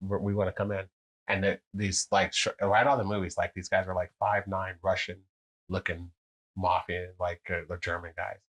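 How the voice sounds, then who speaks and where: A middle-aged man telling stories in casual chat, swearing freely and jumping into high voices to act out what others said. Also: moderate pace. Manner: animated storyteller, swears a lot, acts out quotes in high voices. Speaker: podcast guest. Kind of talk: casual storytelling.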